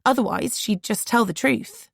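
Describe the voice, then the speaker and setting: A woman's voice: fairly high pitch, normal speed, creaky, dry recording, studio quality, pitched above the performer's own voice. A woman voicing a frank young female reporter who speaks in a matter-of-fact, wry way.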